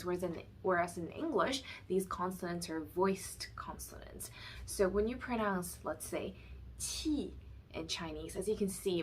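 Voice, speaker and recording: A woman's voice: on the low side, slight background noise. A woman teaching Mandarin pronunciation, carefully demonstrating and contrasting sounds in an explanatory lesson.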